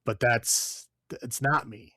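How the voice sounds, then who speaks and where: Casual profane guy reviewing a movie, middle pitch, rambly, dead dry sound. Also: fairly even intonation, takes it slowly, pushed and bright, no echo. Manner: blunt, profane, rambling with many fillers. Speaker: podcast co-host.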